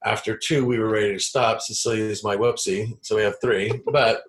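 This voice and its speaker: Man, forties, slightly low voice, blunt, rambling, casual podcast storytelling. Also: fairly even intonation, a little fast, a little hiss or hum. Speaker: podcast guest.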